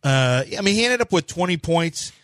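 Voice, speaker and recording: A man's voice: fairly high pitch, expressive, normal speed, a bit bright, no room sound. Opinionated sports radio man, dry sound. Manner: opinionated, rambling, emphatic. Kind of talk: sports talk radio chat.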